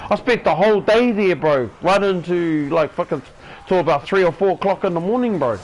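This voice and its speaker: A young New Zealand man spins a laid-back story, his voice sitting a little higher than most men's. He drops "bro" into nearly every line and acts out the other people in the tale. A faint hum of ambience sits behind him. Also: a little fast, dull audio. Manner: relaxed, says "bro" constantly, acts out quoted voices. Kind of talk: casual storytelling chat.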